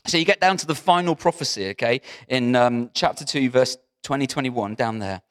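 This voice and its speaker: Male pastor, mid-pitched voice, chatty and animated sermon delivery, keeps checking in with the room. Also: a little fast. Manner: lively, conversational preaching with asides to the congregation.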